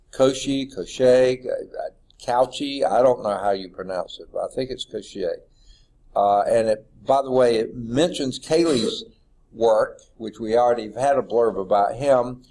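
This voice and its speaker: A man's voice: on the low side, a little mellow. A man teaching a math class, rambling and thinking aloud with frequent okays. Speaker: math professor. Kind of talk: classroom lecture. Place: lecture classroom.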